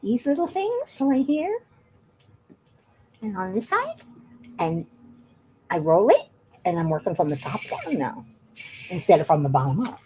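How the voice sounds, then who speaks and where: A woman's voice: medium pitch, wildly swooping pitch, a little slow, long pauses, darkish tone, slight background noise. A woman chatting casually while she works on a craft at home, rambling and laughing often. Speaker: craft vlogger.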